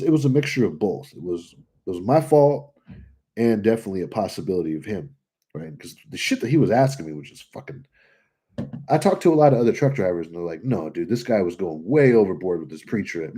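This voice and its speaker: Young california guy ranting to his stream, husky low voice that swings around a lot, swears constantly. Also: fairly quick. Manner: blunt, profane, animated storytelling. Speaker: trucker vlogger answering comments. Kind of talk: casual livestream chat.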